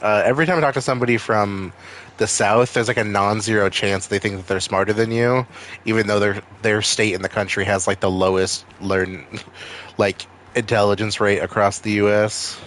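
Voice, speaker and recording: A young man from Maine with a Maine accent talks through a game stream in a lowish voice. He rambles and swears freely between wisecracks. A faint hiss sits under his voice. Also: steady tone, normal speed, a bit bright. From Maine, USA. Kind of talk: casual gaming stream chat.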